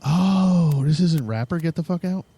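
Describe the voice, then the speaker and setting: A tired man with a voice on the high side, dark in tone and slightly rough, co-hosts a casual podcast at a measured pace. He's goofy in the banter, jumping into mock radio-DJ and metalhead voices, swearing freely and laughing a lot.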